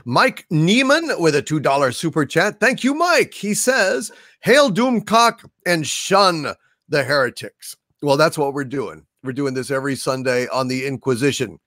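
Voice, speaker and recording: A man co-hosting a casual livestream, reading out viewer super chats with lively, swearing banter. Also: a little high, measured pace, dry recording, clean studio sound. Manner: animated, swearing, laughs often.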